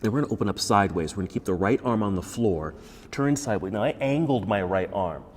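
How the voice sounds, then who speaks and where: Calm low-voiced male yoga instructor. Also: fast talker, husky, in a large hall. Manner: calm, encouraging cues with breath prompts. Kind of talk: guided yoga class instruction. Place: yoga studio.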